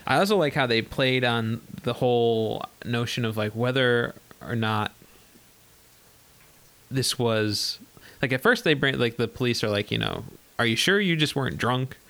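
Man, gravelly, middle pitch, podcast co-host, rambling film chat, lots of fillers. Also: measured pace, a bit bright. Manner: rambling, filler-heavy, laughs often. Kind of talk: casual film discussion.

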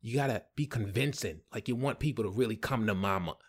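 Man putting on an earnest male restaurant manager, coaxing, slow, drawn-out, fairly low voice. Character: earnest adult male restaurant manager, dead serious about shimmies.

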